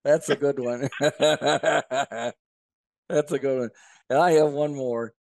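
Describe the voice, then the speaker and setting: A man's voice: mid-range voice, steady tone, slow pace, vocal fry, a little mellow, no room sound, clean studio sound. A man as a podcast guest, chatting casually about history and politics and telling jokes in an easygoing way.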